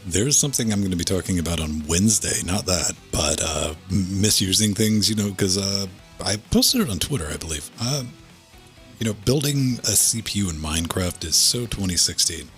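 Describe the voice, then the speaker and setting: A man's voice: sits low, animated, normal speed, fairly bright tone, soft background music. A man co-hosting a gaming podcast, talking casually in a rambling way, swearing and laughing as he goes. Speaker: podcast co-host.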